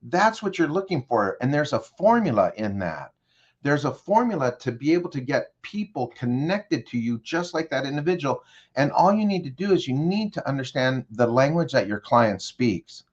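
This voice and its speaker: A man's voice: medium pitch, big pitch swings, moderate pace, slightly rough, lo-fi sound. Man guiding a vivid scenario. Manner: leads the listener with direct questions. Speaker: guest consultant. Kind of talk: guided storytelling in an interview.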